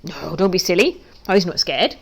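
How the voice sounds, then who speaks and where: A woman voicing an excitable, proud and slightly silly boy pig in a storybook reading, eager and squeaky with bad grammar. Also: fairly quick, creaky, slight background noise. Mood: defensive.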